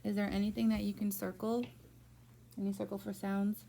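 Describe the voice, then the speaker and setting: A woman's voice: medium pitch, flat delivery, fairly quick, gravelly, warm tone, a little hiss or hum. A woman teaching reading one-on-one, prompting a student step by step with patient encouragement. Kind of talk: one-on-one phonics tutoring.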